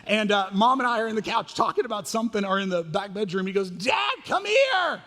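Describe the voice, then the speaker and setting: A man in his thirties preaching a sermon as pastor, animated and self-mocking as he tells family stories. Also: sits high, quick pace. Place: church sanctuary. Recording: long reverb of a church hall.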